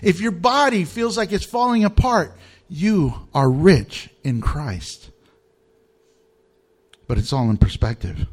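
A man preaching a sermon in an animated, emphatic way, chuckling often. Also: sits high, slow pace, long pauses, breathy edge. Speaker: pastor.

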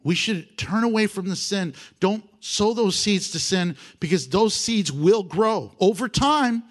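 A man preaching a sermon, exhorting his listeners with animated emphasis and chuckles. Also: sits high, measured pace.

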